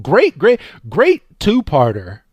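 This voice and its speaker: A man co-hosting a podcast, casually recapping a cartoon episode and acting out the characters' lines with a jumpier, higher voice, full of fillers and repeats. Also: slow pace, breathy edge, no echo, dull audio. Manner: animated retelling, acting out characters' lines with raised pitch; many fillers and repeated words. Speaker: podcast co-host.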